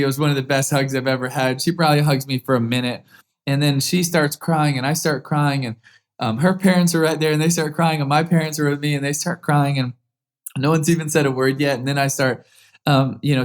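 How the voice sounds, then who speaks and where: A man in his thirties, the guest on an interview podcast, telling a story earnestly with many restarts and rising excitement. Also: medium pitch.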